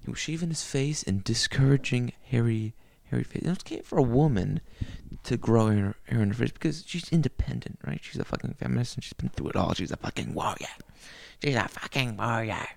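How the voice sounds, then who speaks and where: A man's voice: medium pitch, expressive, fairly quick, gravelly, darkish tone, no room sound. A man ranting alone on a podcast, crude and rambling, swearing heavily. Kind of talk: profane solo rant. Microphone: laptop mic.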